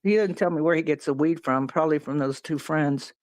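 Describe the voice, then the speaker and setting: Middle-pitched rambling chatterbox, casual swearing, dry close sound. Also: brisk, no room sound. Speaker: friend in conversation. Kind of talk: casual chat.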